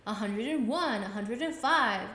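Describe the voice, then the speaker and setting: A woman's voice: on the high side, expressive, unhurried, pushed and bright, reverberant. A woman in her twenties from Texas, hosting a podcast and telling a casual travel story, acting out her own reactions as she goes. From Texas, USA. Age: 20s. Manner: chatty, acts out her own reactions with "I was like". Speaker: podcast host.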